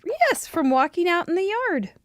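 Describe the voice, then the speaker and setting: A woman with a high, squeaky voice hosting a live crafting show, chatty and giggly with playful exclamations. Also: sing-song, normal speed, no echo, clean studio sound. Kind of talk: casual chat during a live craft show.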